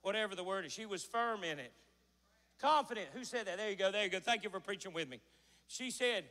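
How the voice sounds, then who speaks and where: A male pastor, preaching a folksy sermon in a church that builds to a shout. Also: sits high, animated, quick pace, in a large hall. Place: church sanctuary.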